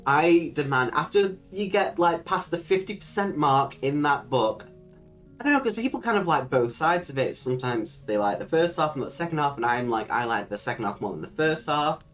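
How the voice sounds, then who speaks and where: Woman, low voice, lively swooping delivery, casual livestream chat, faint music behind. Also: brisk. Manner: chatty, laughs often, swears casually. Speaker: livestream host.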